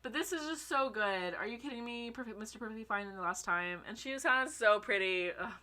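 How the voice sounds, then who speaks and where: A young woman in casual vlog commentary, excitable and gushing, swearing casually and a little out of breath. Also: fairly high pitch, fairly quick. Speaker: fan ranking songs.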